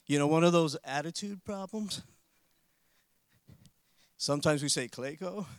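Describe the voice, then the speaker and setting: A man with a clear, resonant, high voice preaches a little slowly, telling a story with animation that escalates into forceful proclamations. The recording is dry and close, with nearly no echo.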